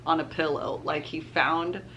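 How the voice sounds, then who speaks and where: Young woman, casual vlogger, lowish voice, light hiss behind. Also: fairly even intonation, measured pace, a bit bright, highs cut off. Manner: chatty, says "y'all", laughs often. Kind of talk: casual chat to camera.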